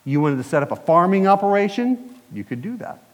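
A man's voice: high voice, sing-song, brisk. A man preaching from the pulpit, talking it through with the congregation and tossing questions out to them. His slightly raised voice rings through a hall with a long reverb. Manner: conversational, asks the congregation questions. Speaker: pastor. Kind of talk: sermon.

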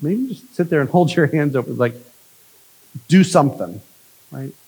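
A male pastor delivering a conversational sermon, often checking in with "right?" and swinging from emphatic lines to hushed ones. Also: fairly high pitch, lively intonation, moderate pace, slightly rough, low-quality recording.

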